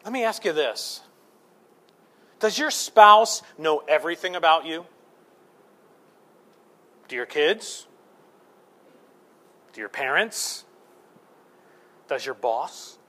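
A middle-aged male pastor preaching a sermon, animated, telling stories and asking the congregation rhetorical questions. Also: on the high side, takes it slowly, long pauses. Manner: animated storytelling with acted-out quotes and rhetorical questions.

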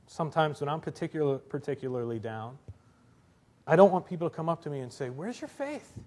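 A man's voice: a little high, fast, darkish tone. A man preaching a sermon in a conversational way, acting out little quotes and often asking "right?". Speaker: pastor.

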